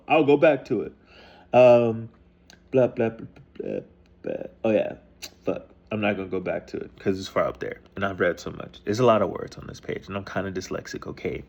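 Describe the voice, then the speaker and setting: A man's voice: on the low side, sing-song, normal speed, a little mellow, lo-fi sound. Laid-back man, slangy and profane. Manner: loose, slangy and profane, with many restarts; reads passages aloud, then paraphrases them. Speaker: host retelling a scripture story. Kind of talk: casual rambling explanation.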